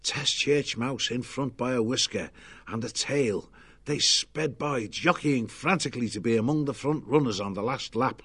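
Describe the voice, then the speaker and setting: A man narrating a children's storybook in a lively, expressive way. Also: medium pitch, moderate pace, husky.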